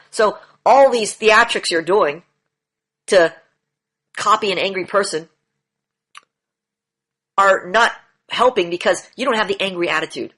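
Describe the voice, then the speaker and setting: Blunt bright-voiced male coach lecturing. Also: high-pitched. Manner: blunt, lecturing, repeats key phrases, swears now and then. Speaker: demand training coach. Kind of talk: online coaching session lecture.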